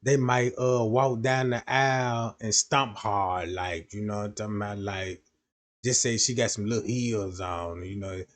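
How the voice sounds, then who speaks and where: A man's voice: fairly low pitch, fairly even intonation, measured pace. A man streaming a casual, rambling monologue, slangy and full of repeated fillers.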